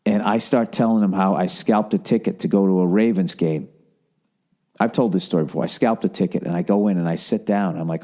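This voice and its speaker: A middle-aged man with a Boston accent hosting a podcast, telling a comedic story with swearing and acting out other people. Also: fairly quick. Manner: profane, animated, acts out quoted people in higher voices. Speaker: podcast host.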